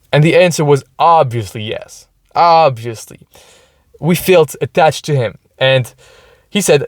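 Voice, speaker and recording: This podcast host is also a man talking casually on his own from inside a hot car, overheated, explaining as he goes and frequently starting over mid-thought. He sounds a little high and animated yet keeps a measured pace, and the audio is studio-clean without echo.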